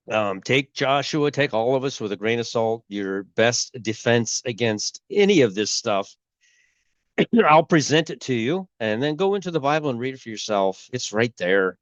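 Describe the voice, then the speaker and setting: A man hosting a casual religious commentary video, rambling and halting, with a cold and a sore throat. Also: medium pitch, no room sound, dull audio. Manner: rambling, halting, many restarts. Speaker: YouTube host.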